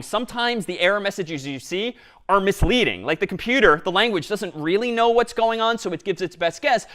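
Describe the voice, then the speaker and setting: Lively male programming lecturer. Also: sits high, clean tone. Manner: explains step by step, lively and engaged. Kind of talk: university lecture with live coding.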